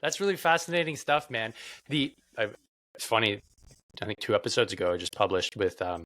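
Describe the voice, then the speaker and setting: A man's voice: lowish voice, sing-song, fairly quick, a bit bright. A man hosting a podcast, chatting casually and thinking aloud with fillers. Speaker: podcast host. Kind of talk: casual chat.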